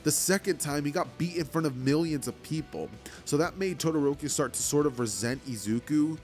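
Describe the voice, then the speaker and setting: A man's voice: fairly high pitch, brisk, a little mellow, soft background music. A man casually telling a fan-made story, rambling and filling with "like" and "you know".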